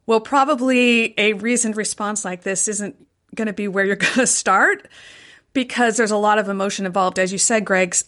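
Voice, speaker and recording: A woman co-hosting an apologetics discussion, talking in a measured, gentle way as she reasons a question through. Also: mid-range voice. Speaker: podcast co-host.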